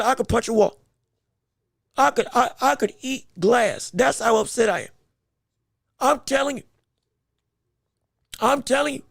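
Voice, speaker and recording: High-pitched gravelly man ranting. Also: no room sound, studio quality. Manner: exaggerated, playfully furious, laughing, stumbles over words. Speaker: podcast host. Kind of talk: animated sports rant.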